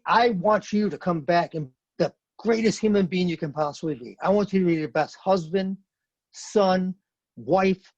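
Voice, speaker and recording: A man's voice: high-pitched, dry recording. A middle-aged man, a retired Marine, talking bluntly and emphatically in an interview, repeating words for stress. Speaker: podcast guest, retired Marine sergeant major. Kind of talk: conversational interview talk. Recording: dry, dull lo-fi sound.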